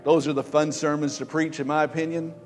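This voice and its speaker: A male pastor preaching a sermon in an emphatic, exhorting way, with soft music behind. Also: fairly high pitch, level tone, a little fast.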